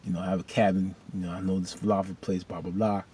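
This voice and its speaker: A man casually recapping a TV episode, rambling and animated with loose slang. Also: deep voice, quick pace, slight background noise. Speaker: video host recapping a TV episode.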